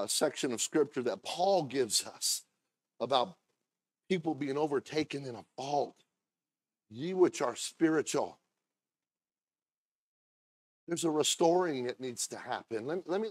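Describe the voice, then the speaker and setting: In a dry recording, a man gives a sermon in his role as pastor. His delivery shifts between soft confidences and impassioned yelling, with many repeated and restarted phrases.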